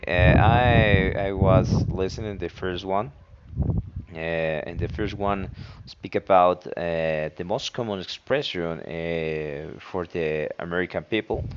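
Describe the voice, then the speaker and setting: A man learning English who talks casually about a podcast, halting and searching for his words in a second language. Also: low voice, clean tone, lo-fi sound. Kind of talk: casual spoken diary.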